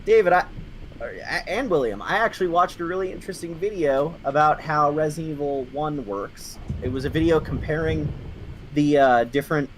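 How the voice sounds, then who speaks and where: A man's voice: a little high, moderate pace, slight background noise. A man chatting on a game stream, guiding a friend and rambling through explanations. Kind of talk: casual gaming chat.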